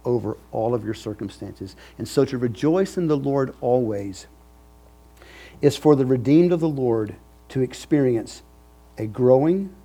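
Brief: man, pastor mid-sermon, breathy-rough tone, emphatic rhythm. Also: medium pitch, animated, a little slow, mellow. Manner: emphatic, repetitive preaching cadence.

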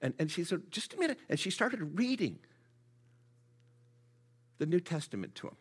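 A man delivers a sermon full of stories to a church gathering. His voice sits a bit high and swings widely in pitch as he talks. He often stumbles into repeated words as he builds up a story. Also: moderate pace, breathy edge. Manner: repeats words when excited. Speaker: church speaker for the Gideons.

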